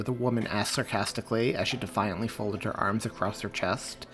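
A man's voice: fairly low pitch, a little fast, few pauses, soft background music. A man, the author, reading his own story aloud as audiobook narration. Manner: expressive reading.

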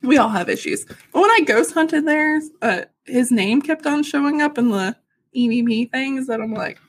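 A woman's voice: sits high, moderate pace, husky. A woman from Arkansas co-hosting a casual podcast chat, telling stories with sarcastic asides. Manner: chatty storyteller, sarcastic asides, frequent laughs. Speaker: podcast co-host.

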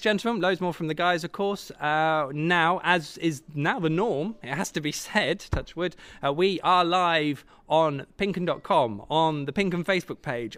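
Man hosting a live football show, fairly high voice, jokey and quick, stadium room. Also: a bit bright. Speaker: host.

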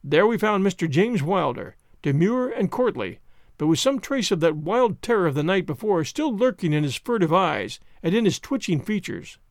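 Guy reading an audiobook, fairly high voice, lively, gravelly. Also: moderate pace, dry recording, studio quality. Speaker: narrator. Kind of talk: scripted audiobook narration.

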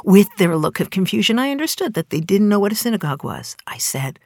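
A middle-aged woman telling a personal story in a measured way, dropping to a hushed near-whisper at tense moments. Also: medium pitch, very animated, no room sound, clean studio sound.

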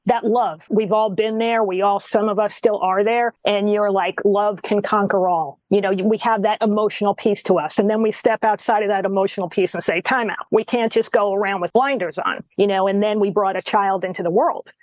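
A woman's voice: medium pitch, brisk, few pauses, no echo. Earnest woman guest, dull lo-fi sound. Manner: earnest, animated storytelling with quoted asides. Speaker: addiction expert guest. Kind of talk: conversational interview.

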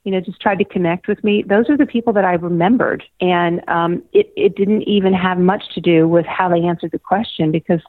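An older woman, a former pageant winner, is interviewed over a thin, tinny phone line and tells stories in a chatty, casual way, laughing often and restarting sentences. Her voice sits fairly low for a woman, with fairly even intonation and a slightly fast pace, and she hardly pauses. The sound is close and dry, with no room around it.

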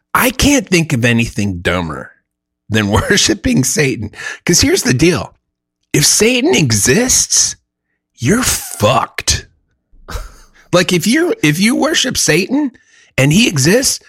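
A man's voice: fairly high pitch, slightly rough, no room sound, clean studio sound. A man in his fifties co-hosting a podcast, trading profane, mocking banter in a casual chat. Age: 50s. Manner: animated, profane, mocking asides. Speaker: podcast co-host.

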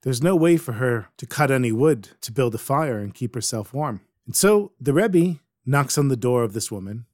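A man telling a folk story aloud in a lively way, dropping in Yiddish words. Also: mid-range voice, normal speed, few pauses, no echo, clean studio sound. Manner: animated, sprinkles Yiddish words. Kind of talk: oral storytelling. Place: Jerusalem.

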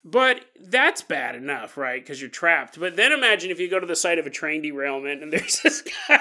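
A man's voice: on the high side, animated, normal speed, hardly any pauses, bright, forceful tone. A man hosting a podcast, telling ghost stories casually with playful, jokey asides. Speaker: podcast host. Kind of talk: casual paranormal storytelling.

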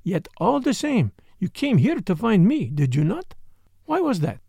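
A man doing a gentle, fussy old detective. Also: high voice, huge pitch swings, measured pace, vocal fry, slightly rough, no echo, studio quality, voice pushed up, heavily acted. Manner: gentle, formal phrasing. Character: elderly male detective, gentle, fussy, courteous. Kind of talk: audiobook character reading.

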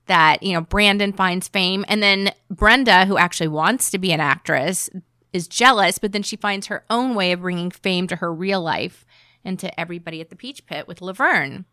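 Woman podcast host, animated chatter, lots of likes, bright tone. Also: lowish voice, normal speed, no echo, clean studio sound. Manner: animated, chatty, self-deprecating, many "like"s. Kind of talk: casual chat.

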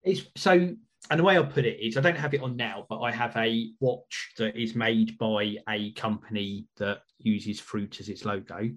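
Husky-voiced chatty male podcast host. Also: fairly low pitch, moderate pace, a bit bright. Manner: chatty, rambling with restarts. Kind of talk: casual podcast chat.

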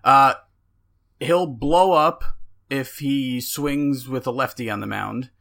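Gravelly, bright-voiced podcast co-host. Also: male voice, medium pitch, slow. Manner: argumentative and playful. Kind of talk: casual sports talk banter.

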